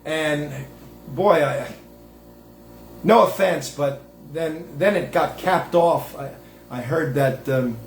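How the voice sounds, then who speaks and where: A man's voice: on the high side, takes it slowly, reverberant, a little hiss or hum. A man hosting his own show, giving a digressive religious monologue in a folksy, self-interrupting way. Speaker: host.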